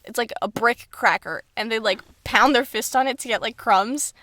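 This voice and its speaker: A woman's voice: a little high, moderate pace, pushed and bright, no echo, clean studio sound. A young woman co-hosting a podcast in casual, jokey chat, full of fillers and giggles. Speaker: podcast co-host.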